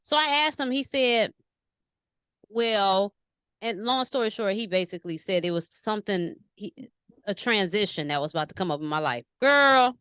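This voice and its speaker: A woman chatting casually in an interview, telling stories in an animated, slangy way and asking questions. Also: mid-range voice, moderate pace, clean tone, no room sound, clean studio sound. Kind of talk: casual conversation.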